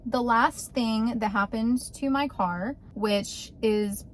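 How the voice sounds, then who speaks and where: A woman's voice: fairly high pitch, slow, a little hiss or hum. A woman, vlogging casually and with exasperation outdoors beside her car. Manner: chatty, exasperated. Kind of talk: casual vlog.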